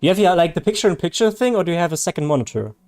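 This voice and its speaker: A man's voice: sits high, big pitch swings, racing, darkish tone. A man chatting casually on a live game stream, reading viewer chat, joking and laughing often.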